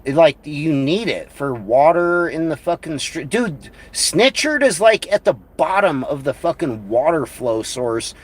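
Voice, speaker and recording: A man on a livestream, ranting crudely and scornfully in a rambling way. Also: on the high side. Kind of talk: profane livestream rant.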